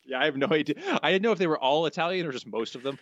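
A man co-hosting a casual podcast, relaxed and hedging in his answers. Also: a little high, very fast, dry recording, dull audio. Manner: relaxed, hedging, easy laughs. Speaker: podcast co-host.

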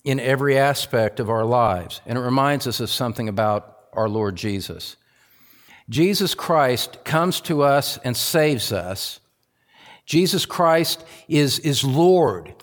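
Animated yet taking his time, a pastor gives a forceful sermon, repeating central phrases. His voice climbs to loud peaks and then sinks to soft, low passages.

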